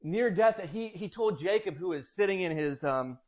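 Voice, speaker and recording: A man casually retelling a Bible story, animated and digressive, with many fillers. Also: sits high, moderate pace.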